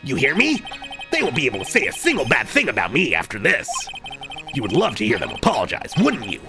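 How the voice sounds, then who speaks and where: A man voicing a haughty, scheming older woman who speaks in a smug, measured way. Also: mid-range voice, huge pitch swings, vocal fry. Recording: background music.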